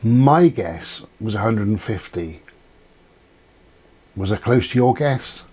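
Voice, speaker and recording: A man's voice: fairly low pitch, expressive, slow pace, darkish tone, breathy edge. A man talking casually to camera, telling rambling anecdotes and acting out what he and others said. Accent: not local to Dorset. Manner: chatty storyteller, acts out quoted exchanges. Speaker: vlogger. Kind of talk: casual monologue.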